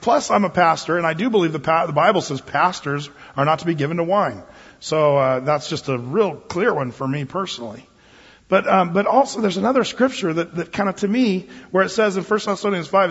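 A man preaches in a folksy, plain-spoken way, restarting his sentences and repeating words. His voice is high and somewhat husky. It echoes with a long reverb and sounds dull and lo-fi. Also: a bit bright. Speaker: pastor. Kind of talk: conversational sermon.

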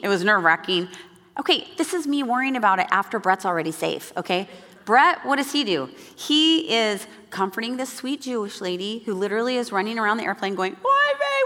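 A woman giving a devotional talk at a church gathering, telling a personal story with animated delivery and acting out the voices she quotes. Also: mid-range voice. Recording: long hall reverb.

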